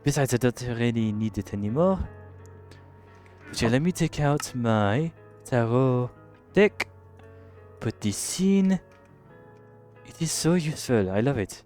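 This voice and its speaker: A young British man commenting casually on a game he is playing, swearing and reacting loudly to what happens on screen. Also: medium pitch, animated, measured pace, long pauses, faint music behind. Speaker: streamer.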